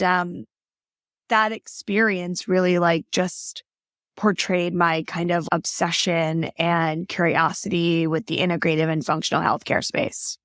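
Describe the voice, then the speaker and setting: An earnest woman guest talking through her story in a casual interview, often tagging on a questioning "right?". Her voice sits a little low. The sound is dry and close, with no room in it. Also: a bit bright, no echo. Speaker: guest, functional health practitioner.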